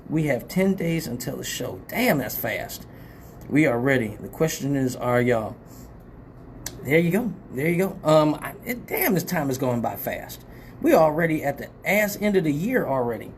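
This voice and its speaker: A man's voice: a little high, sing-song, normal speed, a little hiss or hum. A man hosting a casual live show, rambling loosely and swearing freely after a few drinks. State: tipsy from drinking. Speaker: host.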